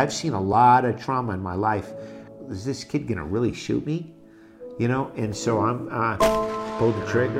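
Gravelly low-voiced man recounting his story. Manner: halting, restarts, emotional retelling. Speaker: guest telling his life story. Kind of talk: personal testimony.

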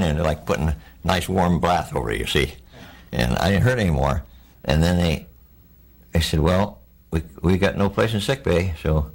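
Gravelly low-voiced older man. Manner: plainspoken, halting storytelling. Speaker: war veteran interviewee. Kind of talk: oral history recollection.

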